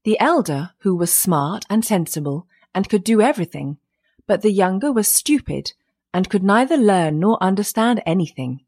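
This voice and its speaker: A woman narrating an old fairy tale in a measured storytelling manner. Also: medium pitch, animated, darkish tone.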